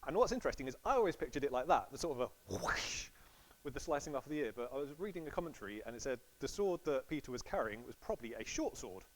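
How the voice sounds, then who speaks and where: A man's voice: medium pitch, sing-song, racing, hardly any pauses, low-quality recording. A man preaching a sermon in a casual, storytelling way, acting out quotes playfully.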